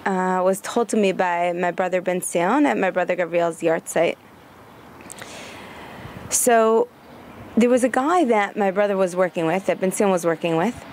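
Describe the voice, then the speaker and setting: A woman teaching a parenting lesson from the Torah portion, telling a story in an earnest, drawn-out way. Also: medium pitch, darkish tone.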